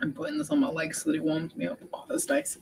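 A woman's voice: high-pitched, very animated, racing, vocal fry, a little mellow, a little hiss or hum, rough recording. A young woman hosting a reading livestream, chatting casually and reading out viewers' updates. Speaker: book vlogger hosting a readathon livestream. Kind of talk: casual chat.

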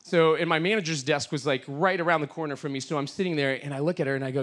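A man's voice: on the high side, fast, fairly bright tone. A middle-aged man, a guest speaker, telling a story and leading an earnest prayer in a sermon. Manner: earnest, storytelling with quoted voices, fervent prayer.

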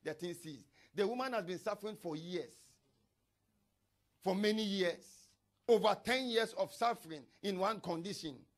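A man's voice: high voice, normal speed. A man preaching a sermon in church as pastor, reading scripture aloud and breaking into tongues.

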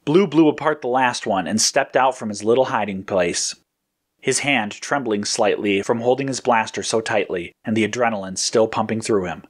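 A man narrating an adventure story in a steady, even reading voice. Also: lowish voice, normal speed, slightly rough.

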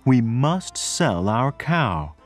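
A man voicing a stern, poor farm mother in a slow storybook reading. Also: medium pitch, sing-song, faint music behind. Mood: worried. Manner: scolding.

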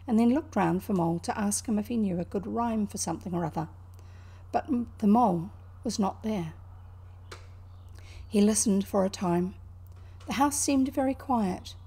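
A woman with a New Zealand accent reads a classic children's book aloud, stopping now and then to explain words to her young listeners. Her medium-pitched voice is mellow and husky with a gravelly edge.

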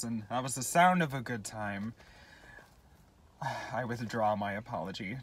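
A young man with a medium-pitched voice talks at normal speed to his phone camera for a vlog. He rambles casually, puts himself down, and keeps apologizing between tangents.

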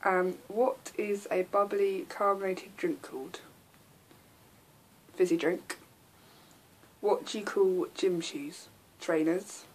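A woman's voice: on the low side, steady tone, slow pace, pauses often. A young English woman in her twenties, chatting casually to camera with frequent ums and little laughs. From England. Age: 20s. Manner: chatty, giggly, lots of ums. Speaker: vlogger.

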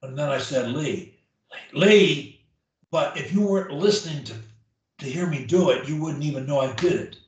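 A man's voice: on the high side, moderate pace, darkish tone, highs cut off. A man coaching a client one-on-one through speech drills, emphatic and demonstrating each drill aloud. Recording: very echoey room, mic at a distance.

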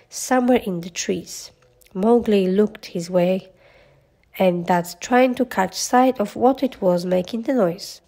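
A woman narrating a children's storybook aloud in a gentle, measured way. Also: mid-range voice.

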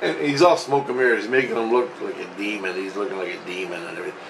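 A man telling a rambling, profane story in a casual vlog, getting excitable as he goes. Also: fairly low pitch, racing, vocal fry, background noise. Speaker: vlogger.

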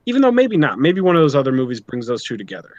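A man's voice: medium pitch, wildly swooping pitch, rapid-fire, a little mellow, dry recording, highs cut off. A man hosting a casual podcast, talking through his notes and giving his opinions freely. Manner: talkative, reads notes, opinionated. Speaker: podcast host.

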